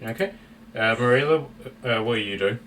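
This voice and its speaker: A man's voice: mid-range voice, a bit bright. Chill guy running a tabletop game, lots of ums and chuckles, sounds a bit far from the mic, faint hiss. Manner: chuckling, easygoing, halting with fillers. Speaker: dungeon master.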